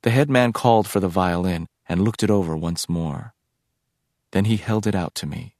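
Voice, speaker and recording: A man reading a novel aloud as narrator in a measured, reflective way. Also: deep voice, a little mellow, no room sound, clean studio sound. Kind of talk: scripted audiobook narration.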